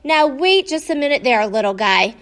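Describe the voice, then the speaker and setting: A woman voicing a gruff, skeptical older female dog in a storybook. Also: high voice, lively intonation, normal speed. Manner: gruff, snarling.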